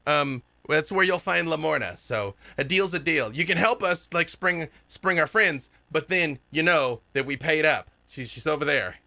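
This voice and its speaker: A man voicing an excitable young gang leader who rambles fast with many restarts. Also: a little high, gravelly, pitched above the performer's own voice, exaggerated voice. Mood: excited.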